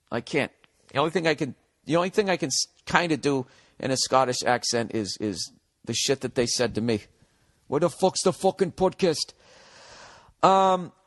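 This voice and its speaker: A middle-aged man hosting a comedy podcast rants as he reads a listener's letter and answers it, profane and sarcastic throughout. His voice has a medium pitch and a slightly bright tone.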